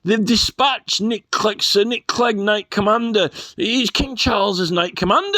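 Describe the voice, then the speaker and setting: A man's voice: high-pitched, unhurried, hardly any pauses, bright, forceful tone, no room sound, studio quality. A man delivering a sarcastic, profane, rambling rant as a vlogger. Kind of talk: ranting monologue.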